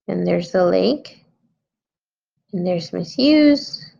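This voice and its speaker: Woman teacher, gravelly voice, patient kid-friendly lesson, dull lo-fi recording. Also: on the low side, lively intonation, slow pace, warm tone. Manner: patient, talks to young children, thinks aloud while editing. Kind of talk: early-grade writing lesson. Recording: slightly dull lo-fi sound.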